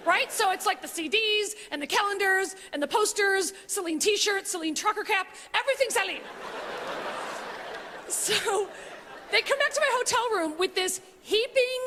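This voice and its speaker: A man putting on a brash female comic with a very high, bright voice that leaps all over the place. She gushes and squeals through a gossipy story, and the voice rings in an echoey hall. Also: full character voice. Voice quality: giddy, rapid, squealing. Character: brash gossipy female comedian telling backstage stories. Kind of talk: stand-up parody monologue.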